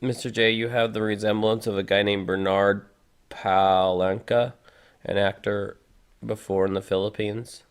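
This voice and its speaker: Low-voiced man chatting on a livestream. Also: level tone, unhurried, smooth. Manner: chatty, reads viewer comments aloud. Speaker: streamer reacting to videos. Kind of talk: casual live-stream chat.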